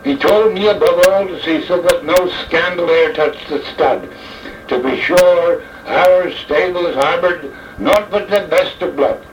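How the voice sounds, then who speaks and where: A man giving a dramatic verse recitation in the voice of an old jockey, with a theatrical, slow and deliberate delivery, in an echoey, distant, dull old recording. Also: fairly high pitch, slight background noise.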